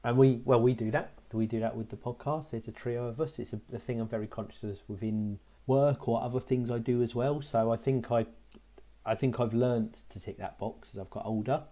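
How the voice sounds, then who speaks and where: A man's voice: medium pitch, fairly even intonation, a little fast, warm tone. A middle-aged man co-hosting a podcast in casual chat, reflective and hesitant, often restarting his sentences. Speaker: podcast co-host.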